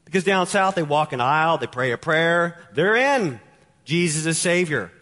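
A man's voice: fairly high pitch, expressive, moderate pace, pushed and bright. A man from Texas with a Texan accent, preaching a sermon and repeating key lines with emphasis. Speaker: pastor. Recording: long hall reverb.

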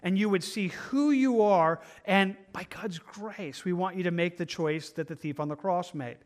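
A man's voice: sits high, normal speed. A pastor preaching an earnest, emphatic sermon in a church, sometimes repeating his words as he presses a point. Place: church sanctuary.

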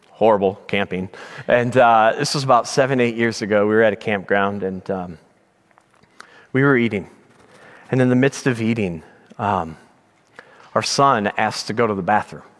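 A middle-aged man preaching a sermon, telling a personal story with passion, dropping to a hush and then rising to shouts. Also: medium pitch, long reverb tail. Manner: impassioned storytelling, swings from hushed to shouting. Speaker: pastor.

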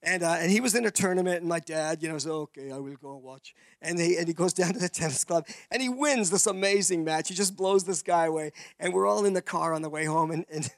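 A man's voice: high-pitched, fast talker, vocal fry, few pauses, dry recording. A man from Canada, giving a rambling testimony sermon full of restarts and acted-out voices.

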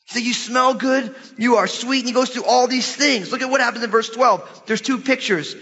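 A middle-aged man preaching a sermon in a church, lively and questioning his congregation. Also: extremely high pitch, fairly quick, hardly any pauses, husky. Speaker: pastor. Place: church hall. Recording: dull sermon recording in a large hall.

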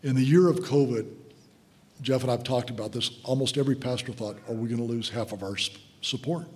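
A man's voice: medium pitch, a little fast, darkish tone. A man in his sixties preaching a sermon, telling an emotional story and calling the listeners guys. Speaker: guest preacher. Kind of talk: sermon testimony. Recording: long hall reverb.

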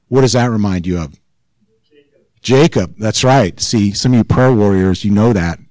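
A man's voice: on the low side, normal speed, a little mellow, no room sound, low-quality recording. A man pastor giving a sermon in an informal, chatty way, growing more intense as he presses a point. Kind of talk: conversational sermon.

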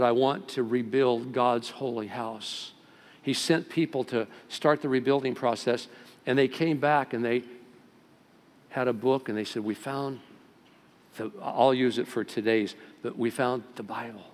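A pastor preaching a sermon, with sudden rises in loudness and pitch, in a church sanctuary. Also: male voice, measured pace. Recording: long hall reverb.

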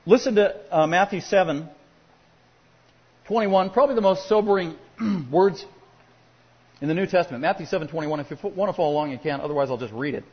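Husky-voiced preacher man, emphatic. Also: a little high, a little fast, long pauses, in a large hall, muffled recording. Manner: swings from quiet to loud emphatic preaching. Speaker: pastor. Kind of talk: sermon.

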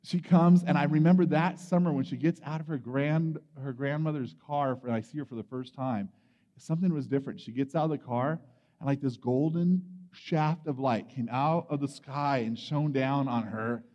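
A man preaching at a youth camp, telling a personal story with big acted-out moments and shouts. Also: mid-range voice, moderate pace, in a large hall, lo-fi sound. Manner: animated storytelling, acting out his younger self with shouts. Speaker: camp speaker.

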